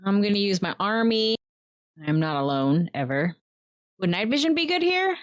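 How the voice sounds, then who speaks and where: A woman's voice: mid-range voice, big pitch swings, normal speed, no room sound, clean studio sound. A woman playing a tabletop game, speaking casually and laughing. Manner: playful, laughs. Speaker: player.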